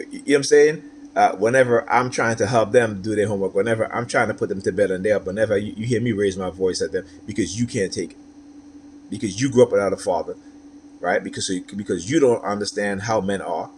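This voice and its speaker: A man's voice: on the low side, brisk, a little hiss or hum. A man talking straight to camera in a personal monologue, aggrieved and repetitive, tagging his points with "right?". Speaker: vlogger.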